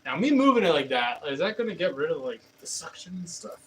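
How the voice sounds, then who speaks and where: A man's voice: on the high side, sing-song, fast. Rambling man, distant mic. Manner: rambling and hesitant, many fillers and restarts. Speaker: pottery livestreamer. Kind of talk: casual chat with live chat while throwing pottery. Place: pottery studio with a wheel running. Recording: distant mic with faint room noise.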